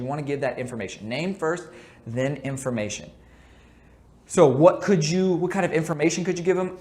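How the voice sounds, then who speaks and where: A man's voice: medium pitch, darkish tone. A man coaching a basketball lesson in a conversational way, often checking in with the listener. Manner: conversational, keeps checking in with "right?"; jokey asides. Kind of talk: instructional talk.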